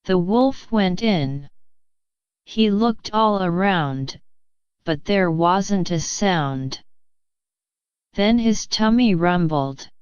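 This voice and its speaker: A woman reads a bedtime fairy tale aloud, gently and expressively. Her voice is very smooth and unhurried, a touch low. The sound is dry and slightly dull. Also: lively intonation, no echo. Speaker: storyteller. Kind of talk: bedtime story reading.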